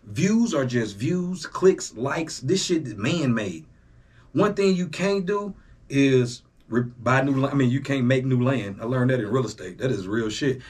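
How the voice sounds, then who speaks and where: Animated husky-voiced man ranting. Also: a little slow. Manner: animated, profane, swings between loud jabs and low asides. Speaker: YouTube reaction host. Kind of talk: casual monologue to camera.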